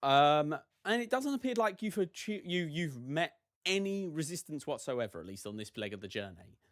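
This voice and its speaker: Relaxed male game master, hesitant, narrating. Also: a little high, moderate pace, no room sound, studio quality. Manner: casual, hesitant with fillers.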